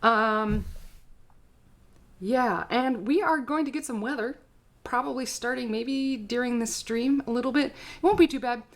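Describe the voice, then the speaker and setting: A woman's voice: a little high, unhurried. Chatty woman teaching a craft stream. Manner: chatty and rambling, with frequent "um"s and asides. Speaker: art teacher and tutor. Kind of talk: casual live-stream craft tutorial.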